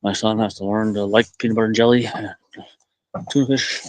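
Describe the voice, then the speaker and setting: A man's voice: fairly low pitch, little pitch movement, a little fast, noisy background. Rambling man talking to his goats. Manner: rambling, talks softly to animals. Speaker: livestreamer tending goats. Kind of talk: casual live-stream monologue. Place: outdoors in a farmyard.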